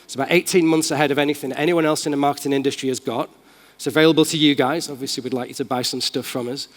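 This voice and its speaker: A man's voice: mid-range voice, steady tone, very fast. A man with a Manchester accent giving an enthusiastic, casual live tech demo as a conference keynote speaker in a large hall. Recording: long hall reverb.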